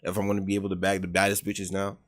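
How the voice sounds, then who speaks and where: A young man co-hosting a podcast in casual chat, laid-back but quick to protest. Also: monotone. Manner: laid-back, protests with rising pitch, repeats "hold on". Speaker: podcast co-host.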